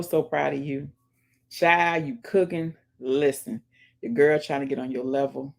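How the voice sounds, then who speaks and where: Low-pitched and creaky, a woman running her own channel talks casually and emphatically, shouting out viewers and calling them "y'all" throughout. Music plays in her earphones as she speaks. She also preaches, pushing her audience to pray and support others.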